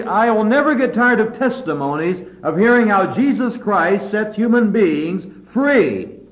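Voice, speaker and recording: A middle-aged man preaching a sermon at a chapel service, fervent and building to loud emphatic peaks. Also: sits high, low-quality recording.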